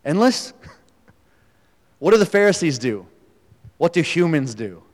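Male pastor, casual sermon, animated storytelling, long hall reverb. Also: a little high, a little slow.

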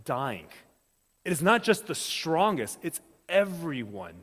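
A man preaching a sermon as pastor, lively and animated, acting out the voices of the people in his story. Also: a little high, slow, big-room sound.

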